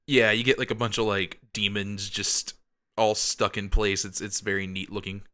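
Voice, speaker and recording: A man's voice: lowish voice, flat delivery, moderate pace, sharp tone. A man co-hosting a podcast, rambling upbeat through comic plot recaps with lots of fillers. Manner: rambling, many ums and likes, upbeat. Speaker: podcast co-host. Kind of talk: casual comic recap chat.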